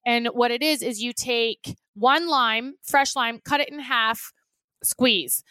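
A woman co-hosting a casual podcast from home, talking in a playful, gushing way. Her voice sits fairly high and sounds bright and forceful. The sound is dry and close. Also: slow pace, no echo. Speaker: podcast co-host. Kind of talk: casual chat. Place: home, separate from co-host.

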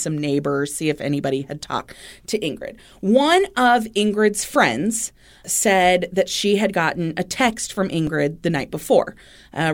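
Woman, podcast co-host, casual true-crime storytelling, lower voice, chatty. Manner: chatty, laughs easily, many fillers.

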